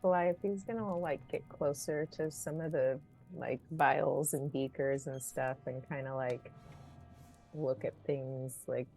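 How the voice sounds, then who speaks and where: A woman with a very low voice describes her character's actions, halting and full of fillers. Faint music plays behind her. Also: fairly even intonation, a little mellow. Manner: casual, halting, many fillers. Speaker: player.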